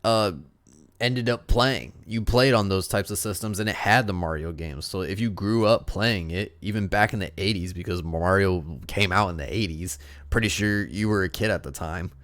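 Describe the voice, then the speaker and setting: Man, very deep voice, dry close sound, sarcastic, rambling casual commentary. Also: moderate pace, a bit bright, no echo. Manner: sarcastic, argues back at critics; rambling with restarts and fillers. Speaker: YouTube movie commentator.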